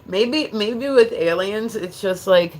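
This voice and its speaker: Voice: medium pitch, slight background noise. Rambling New Jersey live streamer. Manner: rambling, filler-heavy, quick to laugh. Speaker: livestream host. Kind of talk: casual live-stream chat.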